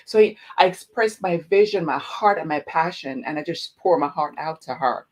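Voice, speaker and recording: A woman's voice: low voice, normal speed, few pauses. A woman guest sharing a personal story earnestly and emotionally, repeating phrases for emphasis. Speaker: guest speaker. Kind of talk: personal testimony in interview.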